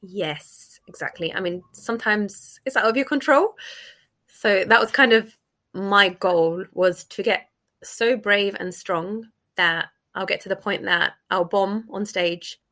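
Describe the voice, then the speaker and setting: Young woman, bright and forward voice, chatty comic guest with lots of fillers. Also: mid-range voice, a little slow. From United Kingdom. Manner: chatty, laughs through her stories, many fillers. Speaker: stand-up comedian guest. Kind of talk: casual interview, with comic set excerpts.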